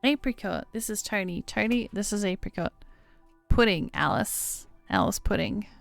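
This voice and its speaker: A woman's voice: mid-range voice, normal speed, gravelly, no room sound, faint music behind. A woman gaming streamer playing through a story game, reading the dialogue aloud and reacting casually between lines.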